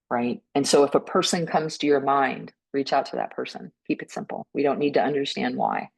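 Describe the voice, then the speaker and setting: A woman speaking on a panel about mental health, gentle and earnest, often tagging her points with a questioning "right?" and restarting her words. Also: a bass voice, sing-song, fairly quick, gravelly, few pauses, husky, low-quality recording. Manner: frequent restarts and repeated words. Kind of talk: reflective panel talk.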